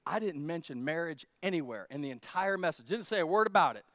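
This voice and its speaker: High-voiced animated preaching man. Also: quick pace, hardly any pauses, dry recording, clean studio sound. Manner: animated, swinging from shouted emphasis to quiet asides; humorous, talks directly to the congregation. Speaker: pastor. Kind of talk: sermon.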